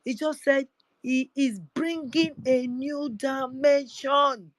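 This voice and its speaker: Slow, fervent woman. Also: high voice, fairly even intonation, no room sound, poor audio. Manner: fervent, repetitive exhortations. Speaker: livestream host. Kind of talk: impassioned activist address.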